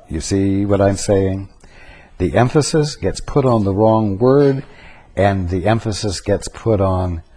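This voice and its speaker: A man giving a spiritual teaching talk, slow and deliberate, pausing to stress single words. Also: deep voice, warm tone, husky.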